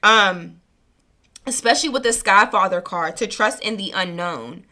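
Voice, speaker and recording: A woman's voice: medium pitch, a little slow, pushed and bright. A woman running a spiritual reading channel, talking casually and earnestly to her viewers, rambling and correcting herself as she goes. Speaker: spiritual reader and channel host. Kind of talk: casual heartfelt monologue to viewers.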